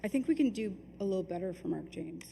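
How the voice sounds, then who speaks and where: A woman hosting an awards ceremony, speaking warmly with frequent ums as she thanks winners and crew. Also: mid-range voice, animated, fast talker, gravelly. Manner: warm, chatty, with frequent ums. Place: large hall at an awards ceremony. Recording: reverberant hall with faint noise.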